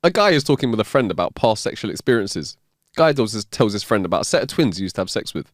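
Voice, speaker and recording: A man co-hosts a casual podcast, telling long, rambling jokes and laughing often at his own lines. His fairly low voice is sing-song and quick. The studio sound is clean, with no room sound.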